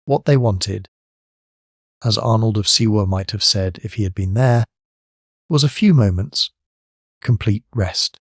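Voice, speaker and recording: Low-voiced male audiobook narrator. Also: no echo, clean studio sound. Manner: steady measured reading. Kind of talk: scripted narration of a classic story.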